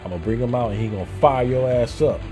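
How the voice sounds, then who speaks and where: A young man streaming a video game, loudly and excitedly talking back to the characters on screen in casual, swearing slang. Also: mid-range voice, fast talker, music in the background. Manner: loud, animated, talks to game characters. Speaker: gameplay streamer. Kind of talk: excited gameplay commentary.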